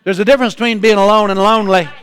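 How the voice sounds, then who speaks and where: A male pastor preaching a sermon, calling out to his congregation and building repeated refrains into shouts. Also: high-pitched, steady tone, very fast, smooth. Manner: calls out to the congregation.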